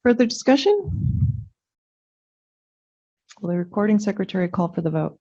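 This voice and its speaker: Woman, meeting chair, brisk procedural delivery, mellow voice, muffled lo-fi sound. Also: medium pitch, sing-song. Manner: brisk procedural, quick self-corrections. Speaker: commission chair. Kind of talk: running a public meeting vote. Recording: dull lo-fi meeting audio.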